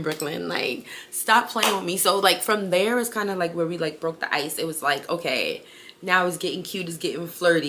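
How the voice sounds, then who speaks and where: Chatty storytelling woman with a lowish voice. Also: a little slow, slight background noise. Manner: chatty and animated, with lots of "like" and laughter. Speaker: vlogger. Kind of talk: casual storytime.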